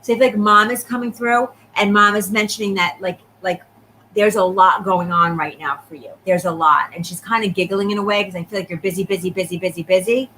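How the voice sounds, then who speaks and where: A woman giving a live psychic reading, talking quickly and checking in often with the person she reads for. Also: medium pitch, fairly even intonation, sharp tone, a little hiss or hum, low-quality recording. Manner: rapid, repeatedly checking in with the sitter. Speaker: psychic medium.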